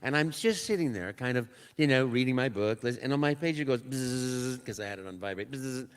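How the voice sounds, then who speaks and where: An older male voice actor, guesting at a live convention panel, spins a story in a smooth, brisk, medium-pitched voice. He animates it by performing the dialogue and sound effects as he goes.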